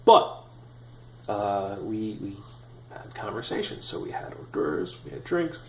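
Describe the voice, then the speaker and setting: A man in his thirties telling a personal story in a casual, animated, self-deprecating way with many fillers. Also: lowish voice, measured pace, gravelly, reverberant, slight background noise, poor audio. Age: 30s. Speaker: vlogger.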